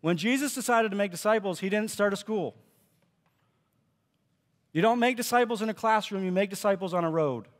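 A man's voice: sits high, a little fast, long pauses, in a large hall. A man giving a sermon as pastor, preaching in a conversational way and acting out the quoted speech he tells. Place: church auditorium.

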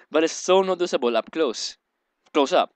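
Smooth-voiced young man reading a game aloud. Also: a little high, expressive, unhurried, no room sound. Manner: rambling, giggly, reads dialogue aloud. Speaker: let's play host. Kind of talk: reading a visual novel aloud with commentary.

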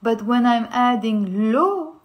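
A woman's voice: a little high, animated, takes it slowly. A woman teaching a language lesson, patiently spelling out sounds and checking in with "okay?". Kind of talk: language lesson explaining pronunciation.

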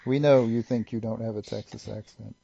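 A man co-hosting a podcast, teasing in a dry, deadpan way. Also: lowish voice, a little fast, gravelly, breathy edge, lo-fi sound. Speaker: podcast co-host. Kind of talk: casual chat.

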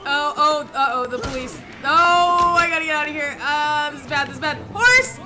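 A young woman with a high, bright-pitched voice gives excitable live commentary on a game she is playing. She squeals, gasps and shouts at what happens on screen. Loud game sound plays under her voice. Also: a little fast, background noise. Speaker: streamer.

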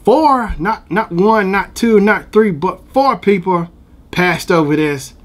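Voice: mid-range voice, slow. A vlog host talking giddily, repeating phrases and breaking into bits of song. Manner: giddy, repetitive, breaks into song. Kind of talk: excited unboxing vlog.

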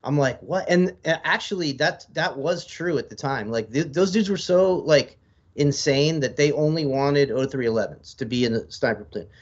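A man's voice: a little high, normal speed. Laid-back swearing man, dull audio. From United States. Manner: profane, rambling, laid-back storyteller. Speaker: podcast guest, military veteran. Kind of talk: casual storytelling in an interview.

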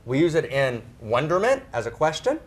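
A middle-aged man speaking to a live audience, emphatic, often tagging his phrases with "right?" and slowing down to stress key words. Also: fairly high pitch, big pitch swings. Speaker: speaker on spirituality and sexuality. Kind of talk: animated talk to a live audience.

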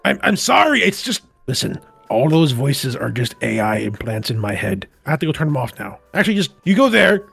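A man voicing a jittery male animatronic fox in a VR role-play, who talks in flustered bursts and quick restarts. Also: mid-range voice, very animated, creaky, fairly bright tone, breathy edge, no echo, full character voice.

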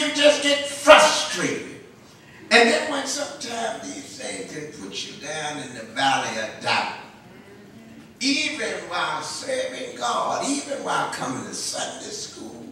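A pastor preaching with a high, bright, ringing voice, calling the congregation to answer back. His delivery is slow and deliberate, and it builds to emphatic peaks. The mic is well back from him, so the church's heavy echo and a light hum of room noise surround every word. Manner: rising to emphatic call-and-response preaching. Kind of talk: sermon. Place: church sanctuary. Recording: echoey church from a distance.

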